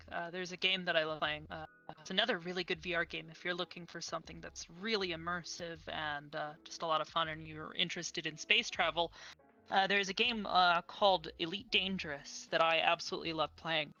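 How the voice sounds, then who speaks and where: A woman's voice: lowish voice, steady tone, normal speed, sharp tone, lo-fi sound, soft background music. A young woman speaking as an interview guest in casual chat, earnest and enthusiastic, on an online voice call.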